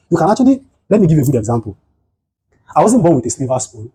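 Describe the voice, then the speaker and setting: A man's voice: fairly high pitch, fast, a little hiss or hum, rough recording. A man with a Nigerian accent giving a motivational talk on mental health, telling stories and asking his listeners rhetorical questions. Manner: animated storytelling, rhetorical questions. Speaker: psychotherapist and guest speaker.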